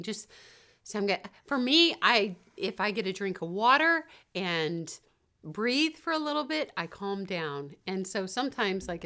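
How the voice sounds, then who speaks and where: A woman's voice: mid-range voice, bright, forceful tone. Give me a chatty woman co-hosting a parenting podcast, easy laugh. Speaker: podcast co-host. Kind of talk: casual parenting talk.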